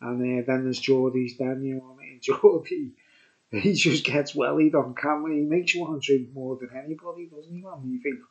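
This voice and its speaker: A man's voice: mid-range voice, brisk, muffled recording. Rambling man with a Birkenhead Scouse accent. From Birkenhead, England. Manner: rambling, repeats "you know what I mean". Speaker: beer review vlogger. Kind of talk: rambling casual vlog chat.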